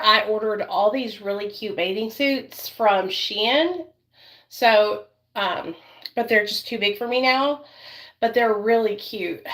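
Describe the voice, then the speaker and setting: In a relaxed makeup vlog, a mom lavishes affection on her dog and chats aimlessly, using plenty of fillers. She has a bright-ish, medium-pitched voice.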